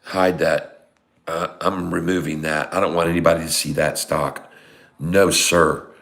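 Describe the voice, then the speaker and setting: Middle-aged male host, stock commentary, deep voice, unhurried, exasperated and scolding. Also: little pitch movement, creaky, a bit bright. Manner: exasperated, scolding, emphatic repeated no's; drops to a whisper at times. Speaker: day-trading channel host. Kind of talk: live stock chart commentary. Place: sister's house, indoors.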